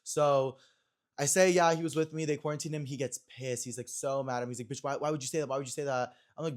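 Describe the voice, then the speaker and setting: A man's voice: mid-range voice, quick pace. A young man hosting a podcast in a small room, chatting casually and acting out quotes as he retells a story. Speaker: podcast host.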